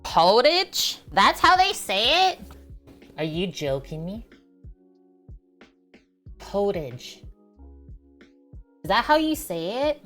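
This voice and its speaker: This Canadian woman streams while cooking, chatting casually with viewers, answering their comments and laughing a lot. Her voice is fairly high and a bit bright, swinging widely in pitch at a measured pace. Soft music plays behind her.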